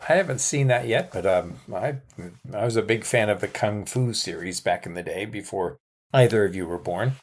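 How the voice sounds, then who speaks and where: Genial low-voiced male co-host. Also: normal speed. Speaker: podcast co-host, reverend. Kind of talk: casual podcast chat.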